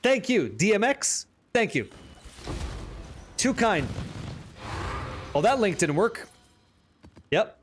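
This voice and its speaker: A man with a high-pitched voice narrates his live game session, chatty and easily excited. He swears casually as he talks to his viewers, with a faint hum of ambience behind him. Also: extremely slow, pauses often. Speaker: streamer. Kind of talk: live gameplay commentary.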